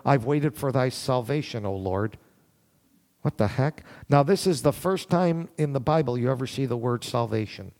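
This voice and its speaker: A man's voice: medium pitch, darkish tone. Male Bible teacher, mid-range voice, casual verse-by-verse teaching in a room. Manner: conversational, thinking aloud, asks the room questions. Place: room with listeners.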